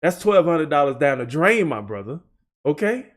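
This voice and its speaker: A man's voice: fairly high pitch, big pitch swings, moderate pace. A man hosting a reaction video, talking in casual, joking commentary with rambling asides.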